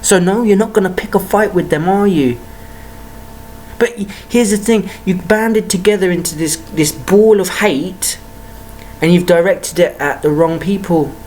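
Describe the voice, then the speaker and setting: A woman's voice: fairly low pitch, measured pace, darkish tone, slight background noise. A woman ranting to camera in a heated, profane monologue full of rhetorical questions. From United Kingdom. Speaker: vlogger.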